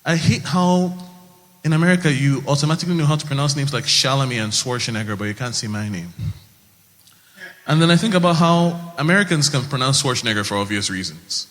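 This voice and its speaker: A young man from Nigeria with a Nigerian accent, doing a stand-up set in a wry, deadpan way. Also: medium pitch, brisk. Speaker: stand-up comedian. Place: comedy stage. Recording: reverberant live stage.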